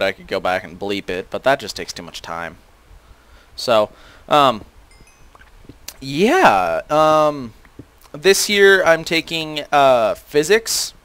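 A man's voice: mid-range voice, fairly bright tone, smooth, no echo. A teenage boy casually commentating a video game, rambling with many fillers and self-deprecating asides. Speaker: gaming channel host.

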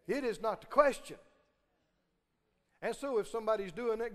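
A man preaching a sermon to a congregation, animated and full of call-and-response questions. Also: sits high, moderate pace, long reverb tail. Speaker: pastor. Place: church sanctuary.

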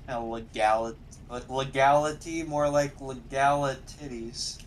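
A man's voice: mid-range voice, fairly even intonation, measured pace, soft background music, rough recording. A man chatting casually with a friend during a game, tired and drowsy, speaking in an offhand way with fillers. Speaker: streamer's friend. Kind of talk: casual chat while gaming.

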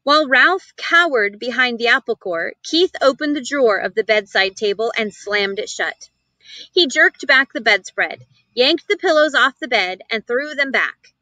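A woman reading a children's novel aloud in an expressive storybook style. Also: a little high, normal speed, dry recording, rough recording. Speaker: reader.

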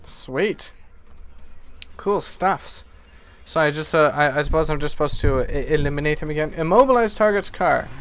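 Give me a male streamer doing live gameplay commentary, excitable and silly, with a lively, rather high voice. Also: moderate pace. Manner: excitable, goofy, talks to chat. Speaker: gaming streamer.

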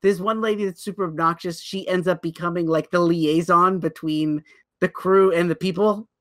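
A man's voice: high-pitched, normal speed. A man co-hosting a casual podcast, stumbling over himself as he eagerly recounts a show. His delivery jumps ahead and doubles back mid-sentence. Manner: animated storyteller, many restarts. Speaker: podcast co-host. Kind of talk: casual chat.

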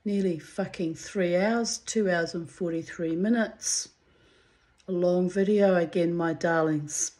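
Slow, low-voiced woman. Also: fairly even intonation, a little mellow. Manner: candid, muses aloud, swears freely, frequent throat-clearing. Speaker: vlogger reading her old writings to viewers. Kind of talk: reading diary entries aloud with chatty asides.

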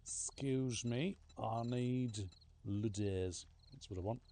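Speaking slowly in a mid-range voice with a dark tone, this streamer talks his way through a let's-play, trading sarcastic remarks with the game's characters and now and then faking panic. There's slight noise in the background.

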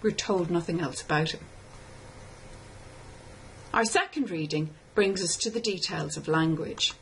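A woman lecturer giving a scripted tutorial, explaining step by step in a measured way and reading lines of verse slowly. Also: fairly low pitch, a bit bright, slight background noise, poor audio. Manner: measured, explanatory, reads poem aloud slowly. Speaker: literature lecturer.

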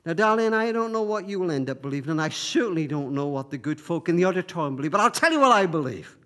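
A man telling a story to an audience, speaking in a halting way with many repeated words. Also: fairly high pitch, animated, fairly bright tone.

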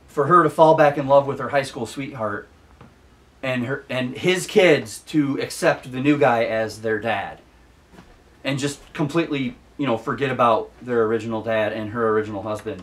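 A man's voice: mid-range voice, moderate pace, fairly bright tone, distant mic. A man hosting a casual book review vlog, ranting with exasperation and repeating himself for emphasis. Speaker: book vlogger.

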